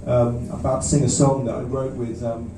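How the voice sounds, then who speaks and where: A man, a singer-songwriter chatting between songs at a live gig in a halting, self-deprecating way, with many restarts. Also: medium pitch, little pitch movement, dark tone, slight background noise. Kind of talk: rambling between-song stage banter. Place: small live music venue. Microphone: stage vocal mic. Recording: roomy, distant audience recording.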